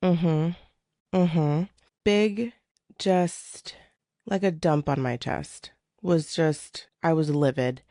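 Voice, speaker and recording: Woman host, candid chatty delivery, mellow low voice, dry close mic. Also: fairly even intonation, slow, dry recording. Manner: chatty, candid, swears freely. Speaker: podcast host. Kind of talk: casual chat. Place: her living room at home. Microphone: studio microphone.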